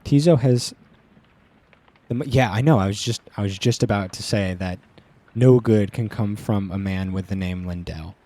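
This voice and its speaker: A man's voice: low-pitched, steady tone, normal speed, a little mellow. A man streaming a story game, rambling casually with crude jokes and lots of fillers. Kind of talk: casual let's-play commentary.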